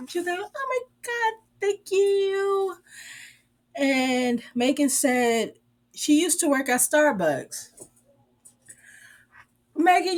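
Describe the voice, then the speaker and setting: Woman, sarcastic recap vlogger, unhurried delivery. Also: fairly high pitch. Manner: sassy, sarcastic, drawling storyteller. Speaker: reviewer. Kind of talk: casual recap and commentary.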